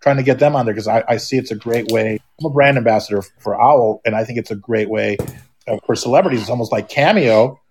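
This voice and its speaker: A man's voice: medium pitch, fast, darkish tone, a little hiss or hum. A middle-aged man, a podcast guest, talking casually and rambling, with many restarts and fillers. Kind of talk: casual chat.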